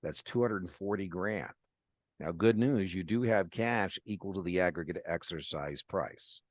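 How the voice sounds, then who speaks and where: A male instructor teaches options in a relaxed, talky way, calling on students by name and acting out client phone calls to make his points. His voice sits low. The sound is close and dry, with no room echo. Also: normal speed. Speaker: exam prep instructor. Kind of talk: live online class lecture.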